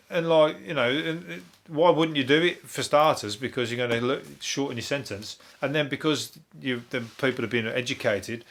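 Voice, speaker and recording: A man's voice: medium pitch, fairly bright tone. A man with a Birmingham accent hosting a comic news review podcast, rambling through stories with constant swearing and laughing at his own jokes. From England. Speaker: comedian podcast host.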